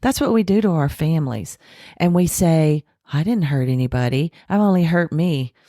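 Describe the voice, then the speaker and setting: Woman with a low voice spilling her sobriety story, pretty frank, jumps into the quoted voices, dry close sound. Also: no room sound. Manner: frank, animated retelling with acted quotes and self-deprecating laughs; slows down and softens for spiritual points. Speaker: podcast guest. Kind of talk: candid recovery storytelling.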